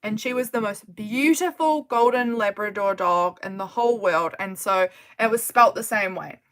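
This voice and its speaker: A woman's voice: mid-range voice, normal speed, fairly bright tone. A woman hosting a casual craft livestream from her desk at home, chatting in a rambling way and often laughing as she works. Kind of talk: casual live chat while crafting.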